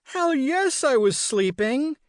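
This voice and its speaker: A brusque young mother with a loud, harsh voice and a sarcastic edge, as a male audiobook narrator puts her on. Her pitch sits higher than his own and leaps around as she snaps out curt orders. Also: sing-song, slow, no room sound, studio quality, heavily acted. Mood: groggy, irritated. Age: 30s. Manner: snappish, sarcastic.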